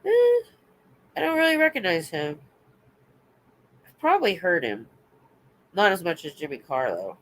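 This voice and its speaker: A woman with a stuffy nose, hosting a casual late-night livestream, chatting loudly, laughing often and reading out comments. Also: on the low side, wildly swooping pitch, unhurried, pauses often. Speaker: livestream host. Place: home.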